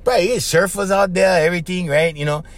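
A fast-talking middle-aged man from Hawaii, high-pitched and steady in tone, hosts a casual solo podcast in Pidgin-tinged English. Chuckling as he rambles, he often finishes with "right?" or "okay?".

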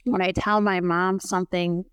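A middle-aged woman with a smooth, resonant voice talks openly on a podcast. She sounds candid and reflective, and she tells her story plainly. The recording is close and dry. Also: fairly low pitch, flat delivery, moderate pace, no room sound. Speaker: podcast guest. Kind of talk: candid conversational chat.

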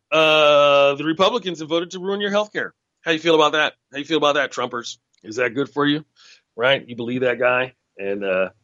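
A man with a bright, forceful voice chatting on his own podcast in a loose, rambling way, full of sarcastic asides. The sound is dry and close, with a slightly dull, lo-fi edge. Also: medium pitch, dry recording. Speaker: podcast host. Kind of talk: casual solo podcast chat.

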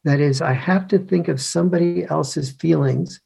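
Brief: older male author, gravelly fry, slightly high pitch, hesitant restarts. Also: normal speed, mellow. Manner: hesitant, full of restarts, acts out scenes. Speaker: author and guest. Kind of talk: conversational explanation.

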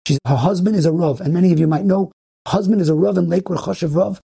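A rabbi telling inspirational stories in an earnest way, often repeating and restarting phrases for emphasis. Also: male voice, high-pitched, fast, creaky, dark tone, slightly rough.

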